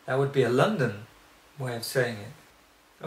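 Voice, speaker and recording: Slow, halting male teacher in a roomy space. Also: medium pitch. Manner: slow and hesitant, frequent restarts and throat clearing. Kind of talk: spoken lesson.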